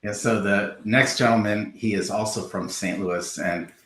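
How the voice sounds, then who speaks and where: A man's voice: lowish voice, fairly even intonation, measured pace, a bit bright. A man co-hosting a livestream, speaking in an enthusiastic, earnest way. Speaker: co-host of a livestream show. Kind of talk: casual live-stream chat. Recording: roomy echo.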